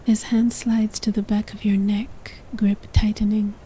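A woman's voice: medium pitch, level tone, measured pace, warm tone, slight background noise, rough recording. A woman narrating a sensual story in the second person, in a whispered role-play.

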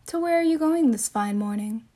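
A woman voicing a nasty, greedy wolf in a low, gruff, falsely courteous voice in a storybook reading. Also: lively intonation, normal speed, mellow. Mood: sly, courteous. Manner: smooth, mock-courteous.

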